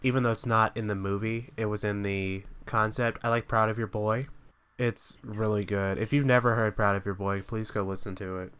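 A man co-hosting a casual podcast chat about animated films, relaxed and opinionated, often trailing off quietly. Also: fairly low pitch, moderate pace, clear, resonant tone. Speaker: podcast co-host.

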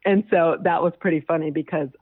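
A woman's voice: low voice, steady tone, fairly quick, dry recording. A woman in her thirties, an interview guest telling stories in a chatty way and laughing often. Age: 30s. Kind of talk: casual interview chat. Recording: tinny phone-like dry line.

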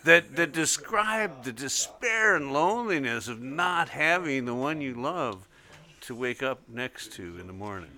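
Chill guest guy rambling along, bright tone, lively up and down. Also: medium pitch, unhurried. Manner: relaxed, rambling, playfully teasing. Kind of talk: casual radio chat.

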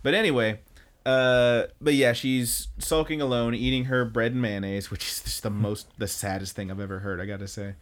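A man's voice: mid-range voice, moderate pace. A man co-hosting a podcast, recapping an anime in casual, rambling, profane chat. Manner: rambling, profane, animated storytelling. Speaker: podcast co-host.

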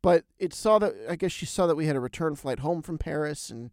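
A man hosting a podcast, telling a travel story in a lively, animated way with big swings in pitch and loudness. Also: fairly quick, no room sound, studio quality. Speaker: podcast host. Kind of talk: casual storytelling chat.

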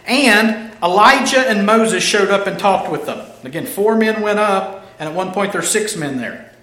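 Animated, bright-voiced male preacher. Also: sits high. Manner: animated storyteller, acts out characters. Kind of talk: casual, humorous sermon. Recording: roomy echo.

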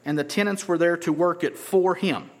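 Man, high voice, conversational sermon, emphatic rises. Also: normal speed. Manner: conversational preaching, rising emphatically on key points. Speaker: pastor.

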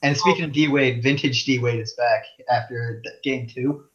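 A young man co-hosting a podcast, talking sports bluntly and pushing back fast. He stammers through restarts, and the audio sounds dull and lo-fi. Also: medium pitch, steady tone, a bit bright. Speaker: podcast co-host. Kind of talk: casual sports chat.

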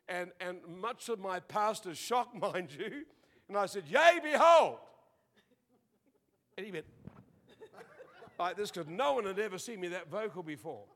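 High-voiced man preaching an animated sermon. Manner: animated storytelling, acts out quotes, laughs often.

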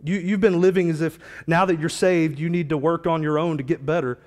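A man's voice: a little high, fairly even intonation, a little fast, darkish tone, long reverb tail. A man preaching a sermon as a pastor, telling a story in a casual, slangy, conversational way.

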